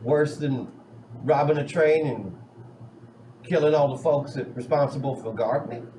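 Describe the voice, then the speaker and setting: A man's voice: mid-range voice, normal speed, dark tone. A man playing a tabletop game in character, talking in a drawling cowboy manner. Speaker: tabletop player. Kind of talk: in-character role-play. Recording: roomy, distant mic, noisy.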